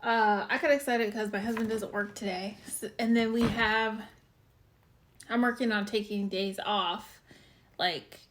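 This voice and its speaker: A woman's voice: medium pitch, fairly even intonation, a little slow, a little hiss or hum. A woman hosting a casual live-stream show, chatting and greeting viewers by name. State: out of breath. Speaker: waxing show host.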